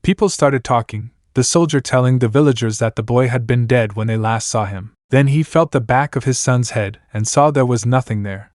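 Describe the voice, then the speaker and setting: Male storyteller, mid pitch, dry close recording. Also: moderate pace, few pauses, a little mellow, no echo. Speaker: story reader. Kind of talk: fan fiction read-aloud narration.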